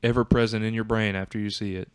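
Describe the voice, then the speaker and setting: A man's voice: fairly low pitch, little pitch movement, quick pace, smooth. A man guest on a casual podcast, talking in a thoughtful, analytical way.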